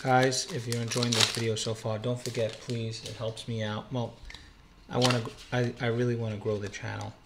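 A man's voice: medium pitch, level tone, moderate pace, heavy background noise. A man opening trading card packs at home for his channel, calling out each card and exclaiming over a rare pull. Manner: thrilled, exclamatory, calls out cards. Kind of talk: excited pack-opening vlog. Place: home, quiet room.

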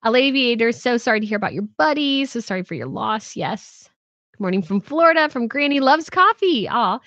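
A woman's voice: a little high, lively intonation, brisk, fairly bright tone, no room sound, dull audio. A woman in her thirties hosting a casual livestream, chatting in a rambling way and reading viewer comments aloud. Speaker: host reading live chat.

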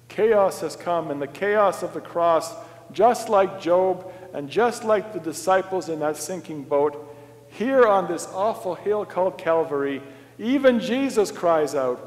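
Slow-preaching pastor in a reverberant church. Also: male voice, sits high, animated, a little mellow. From Canada. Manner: slow, dramatic preaching with wide swings in volume. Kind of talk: sermon. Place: church sanctuary.

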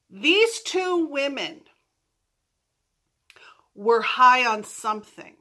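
A middle-aged woman telling a storytime vlog in an animated, self-mocking way. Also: extremely high pitch, takes it slowly. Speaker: vlogger.

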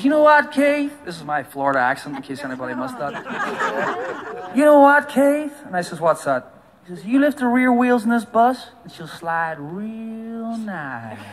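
A man's voice: fairly high pitch, a bit bright, poor audio. A man, a singer-songwriter, chatting and joking with a live audience between songs. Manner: joking and self-deprecating. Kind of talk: stage banter between songs. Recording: live music over the voice.

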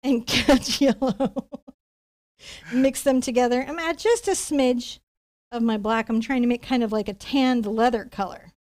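A middle-aged woman teaching a live painting lesson, telling a story in a chatty, animated way and laughing often. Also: a little high, unhurried. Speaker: painting instructor.

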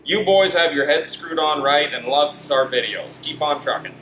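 A man hosting a casual chat, upbeat, thanking supporters with quick asides. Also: a little high. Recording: echoey room with faint noise.

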